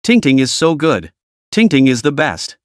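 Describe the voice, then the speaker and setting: A tender elderly grandmother, as a male narrator puts her on in a storybook recap. She speaks softly and soothingly with very lively intonation. Dry, close sound. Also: medium pitch, moderate pace, smooth, no echo, natural voice.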